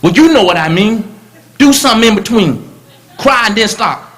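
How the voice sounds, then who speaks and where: A man voicing a stern mother who nags and scolds her young child in rapid-fire threats. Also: sits high, expressive, a bit bright. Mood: exasperated.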